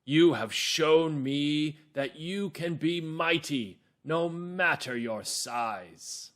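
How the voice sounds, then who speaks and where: A man's voice: fairly high pitch, extremely slow, fairly bright tone, pitched above the performer's own voice. A man voicing a mighty but grateful lion in a children's reader's theater, with a strong voice.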